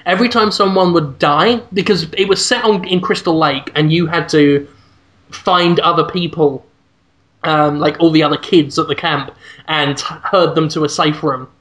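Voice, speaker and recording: A man's voice: a little high, fairly even intonation, normal speed, a bit bright. A man co-hosting a podcast, talking earnestly and rambling a little with restarts in casual chat. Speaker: podcast co-host.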